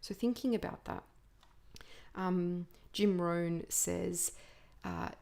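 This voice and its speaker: A woman talks through a self-help podcast episode at a very unhurried pace, letting each idea settle. Her voice sits a little low for a woman, and her delivery is earnest and deliberate. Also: gravelly, dark tone. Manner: slow, deliberate and earnest, with pauses between list items; puts on a playful imitation voice for a quoted speaker. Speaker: podcast host.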